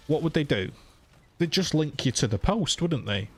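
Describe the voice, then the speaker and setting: A man's voice: medium pitch, lively intonation, fairly quick. A man streamer ranting heatedly to his viewers, swearing and firing off rhetorical questions. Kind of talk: casual live-stream rant.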